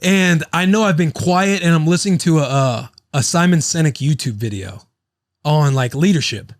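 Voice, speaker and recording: Casual male podcast host, thirties, slightly high voice, dry close mic, rambling and profane. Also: normal speed, no room sound. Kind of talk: casual podcast chat with ad read.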